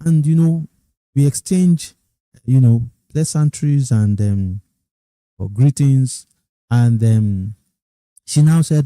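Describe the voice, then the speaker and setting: A middle-aged man with a Nigerian accent talks casually as a podcast host, with a very mellow, warm tone. He restarts and repeats phrases as he goes, and his pitch climbs when he acts out other people's excitement. The recording is dry and close, with no room echo. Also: a little slow. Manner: animated, quoting others in raised excited tones. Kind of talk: casual storytelling monologue.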